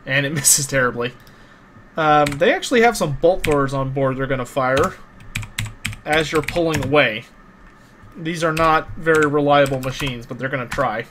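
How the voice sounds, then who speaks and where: A man's voice: a little high, normal speed, background noise. A man narrating as game master of a tabletop game, loose and casual with lots of fillers and restarts.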